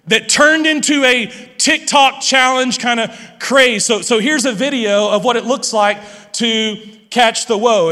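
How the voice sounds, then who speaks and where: A man's voice: sits high, bright, forceful tone. A man preaching a sermon as pastor, playful and talking straight to his audience. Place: large church hall. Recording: long hall reverb.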